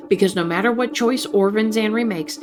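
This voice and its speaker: A woman's voice: mid-range voice, brisk, noisy background, natural voice. A woman voicing a doting grandmother who talks tenderly and coaxingly, calling her grandson baby and child, while reading interactive fiction aloud. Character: doting, folksy grandmother on a nightly phone call.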